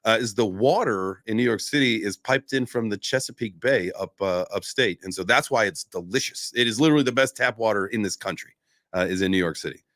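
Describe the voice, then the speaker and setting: A man's voice: fairly low pitch, fairly quick, a bit bright, no echo, studio quality. A man hosting a casual podcast chat, rambling through tangents and apologizing for them, with a casual curse here and there. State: out of breath. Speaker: podcast host.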